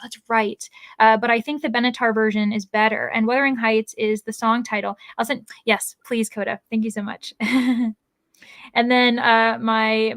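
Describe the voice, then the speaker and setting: A woman's voice: fairly high pitch, fairly bright tone, dry recording. A woman hosting a casual livestream, chatting and reading viewer comments aloud, with lots of "like"s and laughs. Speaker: livestream host.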